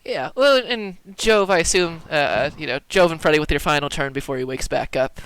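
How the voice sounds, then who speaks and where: Bright, clear-voiced man running a tabletop game. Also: a little high, lively intonation, brisk, dry recording, poor audio. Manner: casual, laid-back, with filler ums. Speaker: game master.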